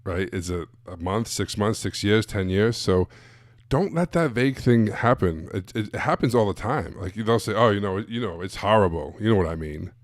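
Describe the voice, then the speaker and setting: A man's voice: lowish voice, animated, normal speed, hardly any pauses, no room sound, studio quality. A man coaching other coaches live, blunt and direct, asking rhetorical questions and repeating his points. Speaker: sales coach. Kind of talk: live-streamed teaching.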